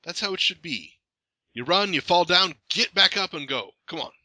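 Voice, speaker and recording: A man's voice: high voice, animated, moderate pace, bright, forceful tone, dry recording, low-quality recording. A young man hosting a fan podcast, enthusiastic and playful, with stammering restarts. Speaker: podcast host. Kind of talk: casual podcast interview.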